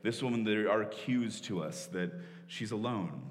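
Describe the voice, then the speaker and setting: A man's voice: lowish voice, unhurried. A male pastor preaching a sermon in a conversational, explanatory way, often saying "like" and restarting his sentences. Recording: long reverb of a large hall.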